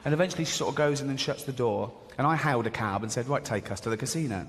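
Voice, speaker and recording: A man's voice: medium pitch, racing. A middle-aged English man with a mocking, conversational manner, delivering a stand-up routine with frequent stammered restarts. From England. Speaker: stand-up comedian. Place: large theatre stage. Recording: live hall with loud crowd. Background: loud audience laughter.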